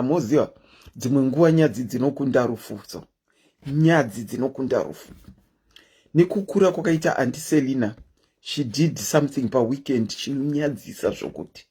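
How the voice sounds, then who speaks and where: A woman's voice: rumbling low, moderate pace, warm tone, husky. A Zimbabwean woman hosting a casual live stream, chatting and greeting her viewers one by one.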